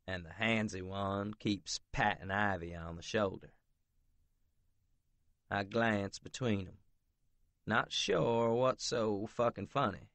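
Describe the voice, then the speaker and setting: A man's voice: on the low side, fairly bright tone, no room sound. A man narrating a romance audiobook in first person, blunt and brooding, with profanity.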